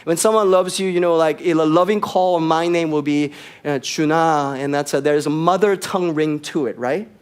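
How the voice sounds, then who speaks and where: A man preaching a sermon as pastor, switching back and forth between two languages in a lively, emphatic way. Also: fairly high pitch, moderate pace, clear, resonant tone. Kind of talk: bilingual sermon.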